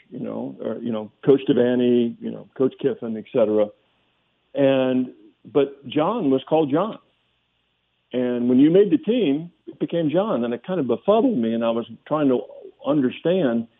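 An older former football player speaks over a thin, phone-like line. He tells his story in a reflective, halting way, restarting phrases and filling pauses. His voice sits at an ordinary pitch for a man.

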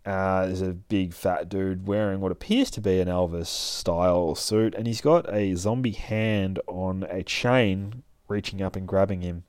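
A man reads and recaps a comic book in a loose, rambling way, with swearing in nearly every line. His voice is low. The sound is dry with no room echo. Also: fairly even intonation, measured pace, hardly any pauses, a little mellow, clean tone. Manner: profane, rambling, laid-back. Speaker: comic reader.

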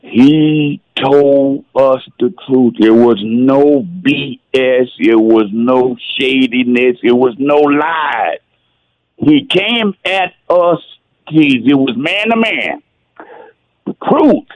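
Teary guy on a radio call, slow talker, dry muffled sound, says geez a lot. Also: medium pitch, no room sound. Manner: emotional, tearful, exclamatory with "geez". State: tearful. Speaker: former football player, guest. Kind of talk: emotional radio interview storytelling.

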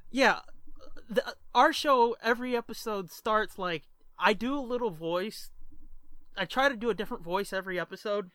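A man hosts a podcast with loose, profane chatter and frequent laughs. His voice is bright and forceful. The sound is close and dry. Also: sits high, normal speed, clean tone, no room sound. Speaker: podcast host. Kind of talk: casual podcast chat.

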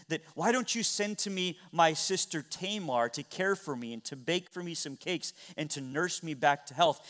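A man pastor preaching a sermon, retelling a story with dramatic swings between loud and soft. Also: fairly high pitch.

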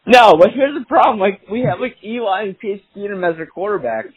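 A man chatting casually about fantasy football, an excitable storyteller who swears a lot and acts out quotes. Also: high-pitched, a little fast. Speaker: podcast co-host. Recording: dry, tinny phone-line sound.

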